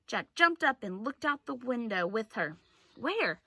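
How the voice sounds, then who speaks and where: A woman teacher reading a chapter book aloud, in slow, clear storytelling. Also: on the high side, lively intonation, pushed and bright, no echo.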